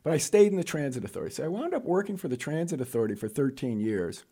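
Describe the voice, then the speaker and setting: A middle-aged man from New York telling stories of his career as an interview guest, jokey and animated, jumping up in pitch for punchlines. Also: fast talker, husky. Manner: animated, jokey storyteller with sudden high-pitched asides. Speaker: guest, college administrator. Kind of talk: casual storytelling interview.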